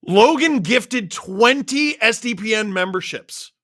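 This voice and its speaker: Excitable man, bright voice. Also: high-pitched, dry recording, clean studio sound. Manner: excitable, swears freely, rattles off names quickly. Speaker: live stream host. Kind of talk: live watchalong stream chat, reading out viewer names.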